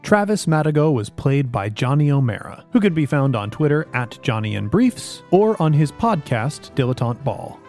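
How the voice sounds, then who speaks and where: Guy reading out credits for a tabletop game podcast, voice goes up and down a lot, soft music under it. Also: mid-range voice, normal speed, few pauses. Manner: steady announcer-like credit reading; joking, laughing in banter. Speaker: host and game master. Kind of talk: reading end credits, then casual banter.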